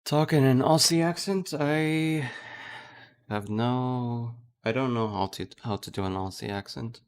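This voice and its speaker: A man's voice: medium pitch, moderate pace, smooth. A man streaming live, chatting casually as he thinks aloud and gushes over a tool he likes. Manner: thinking aloud, gushing with excitement.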